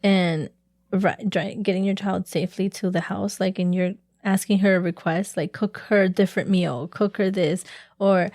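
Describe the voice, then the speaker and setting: A woman's voice: medium pitch, fairly even intonation, normal speed, darkish tone, no room sound. A woman co-hosting a podcast, reading stories aloud and chatting casually, laughing often. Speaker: podcast co-host.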